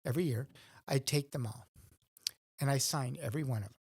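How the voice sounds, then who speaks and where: A man's voice: medium pitch, fairly quick, breathy edge, dry recording, studio quality. A middle-aged man, a guest in a casual conversation, telling earnest stories and acting out his own thoughts.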